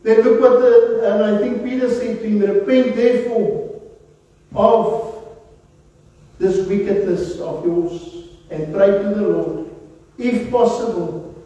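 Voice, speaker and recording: A man's voice: high voice, fairly even intonation, slow, long pauses, warm tone. A male pastor preaching a sermon in earnest, calling his listeners "beloved" again and again. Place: church hall. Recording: echoey hall from far off, dull lo-fi sound.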